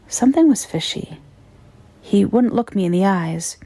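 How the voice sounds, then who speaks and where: A woman narrating a horror story in a measured, grave tone. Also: mid-range voice, lively intonation, mellow, dry recording.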